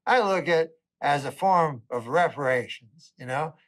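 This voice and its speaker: A man telling a rambling comic monologue as a talk-show guest, deadpan and drawling, full of "you know" asides. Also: on the high side, moderate pace.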